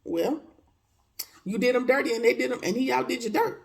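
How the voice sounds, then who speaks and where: A woman's voice: fairly high pitch, fairly quick, gravelly, poor audio. A woman giving a casual, slangy recap of a TV episode, blunt and chatty with frequent profanity and asides. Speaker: TV episode reviewer.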